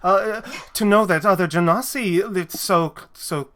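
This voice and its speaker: A man voicing an excitable, eager female Air Genasi shopkeeper who flusters and apologizes. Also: high-pitched, measured pace, slight background noise. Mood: apologetic.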